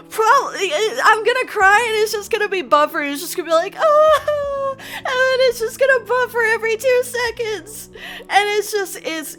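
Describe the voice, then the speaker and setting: A woman's voice: extremely high pitch, sharp tone. A woman streamer chatting live to her viewers, anxious and close to tears, rambling and laughing nervously. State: on the verge of tears. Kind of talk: casual live-stream chat.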